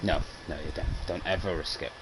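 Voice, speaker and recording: A man's voice: low-pitched, fairly even intonation, a little fast, noisy background. A British man co-hosting a casual gaming podcast, swearing and laughing as he plays and chats. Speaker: podcast co-host.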